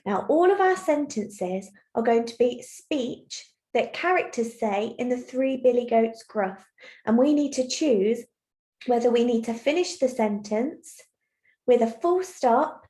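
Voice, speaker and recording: Teacher, female, fairly high voice, patient and clear with young kids, recorded on a computer mic in an echoey room. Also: animated, measured pace, mellow. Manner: clear, patient, encouraging explanation. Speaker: primary school teacher. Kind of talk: recorded online lesson for young children. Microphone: computer mic while screen sharing.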